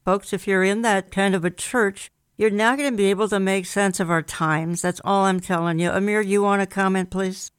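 Radio host guy talking straight to the folks listening, smooth clear voice, dry sound. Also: high voice, steady tone, normal speed, few pauses, fairly bright tone, no room sound. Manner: direct, conversational, addresses listeners. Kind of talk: talk-radio hosting.

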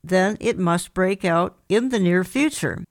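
An earnest talk-radio host speaking in a measured way, reading news reports aloud and adding commentary. The voice sits at a middle pitch. It is recorded close on a studio mic in a dry room with no echo.

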